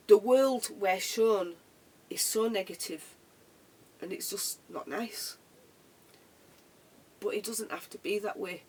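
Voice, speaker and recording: Vlogger talking from the heart, raspy husky voice, repeats stuff, sounds a bit far off the mic. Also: mid-range voice. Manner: earnest, reflective, repeats phrases. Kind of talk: heartfelt motivational monologue.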